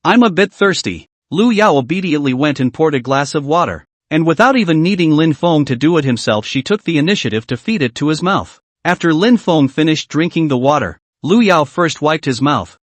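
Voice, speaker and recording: Picture a man narrating a story in a voice that sits somewhat high for a man and leaps up and down with animation. The recording is dry and close, with no room sound at all. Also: lively intonation, brisk, hardly any pauses, no echo.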